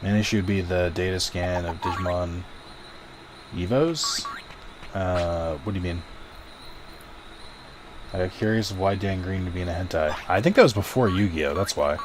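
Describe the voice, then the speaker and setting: A man's voice: low-pitched, normal speed, long pauses, noisy background. A man streaming a video game, rambling casually to his chat and swearing now and then. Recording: game music underneath.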